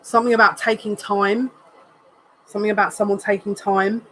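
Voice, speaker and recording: An earnest tarot reader working through a live card spread. They think aloud in short, repeated phrases, and their voice sits at a middle pitch with a faint hiss of background noise. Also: flat delivery, normal speed, sharp tone, low-quality recording. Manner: emotional, says they are near tears.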